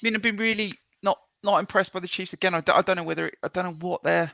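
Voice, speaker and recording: Guy rambling on a sports podcast, lots of ums, gravelly edge, bright tone. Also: high-pitched, fast, no room sound. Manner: rambling with many ums and restarts; blunt, swears freely. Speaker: co-host. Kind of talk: casual sports podcast chat.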